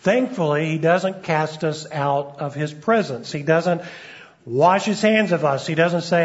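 A man's voice: a little high, animated, measured pace, breathy edge. A man preaching a sermon as a pastor, conversational, with frequent fillers and restarts. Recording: dull lo-fi recording.

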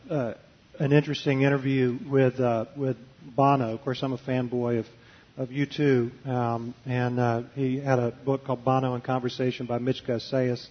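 A Baptist preacher with a mid-range voice talks in a conversational interview and reads a passage aloud. He uses many fillers and restarts, and the recording has its highs cut off.

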